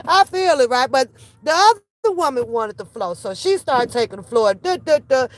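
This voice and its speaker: Animated, profane woman with a high voice. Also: moderate pace. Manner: animated, profane, mimics others. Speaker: commentary channel host. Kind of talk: casual reaction commentary.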